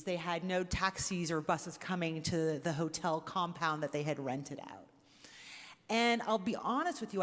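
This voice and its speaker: A woman closing a live panel talk with a story, earnest and building to rising questions. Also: on the low side. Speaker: panel moderator closing a synagogue conversation. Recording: reverberant hall recording.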